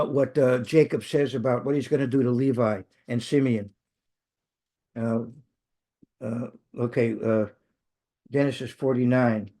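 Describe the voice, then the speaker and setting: A man's voice: mid-range voice, a little mellow. Man teaching a Bible study. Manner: many restarts and self-corrections, engaging; checks in with the audience.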